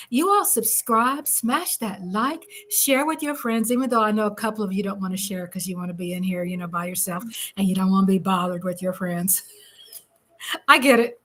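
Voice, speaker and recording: A woman's voice: mid-range voice, moderate pace, a bit bright. A woman hosting a casual livestream from home, bubbly and chatty, laughing often. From Texas. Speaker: livestream host.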